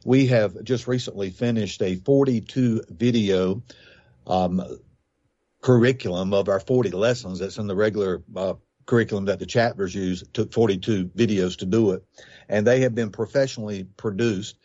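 A man's voice: on the low side, normal speed, warm tone, dull audio. A man who founded a recovery ministry, answering questions on a radio interview in an earnest, explanatory way with fillers and scripture quotes.

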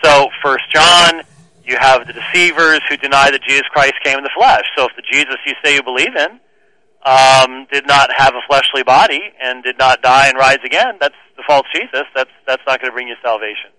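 A man's voice: mid-range voice, a little fast, pushed and bright, no echo, rough recording. A man speaking as a guest theologian on a radio show, earnest and explanatory, often repeating words as he starts a thought. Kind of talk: radio interview answers.

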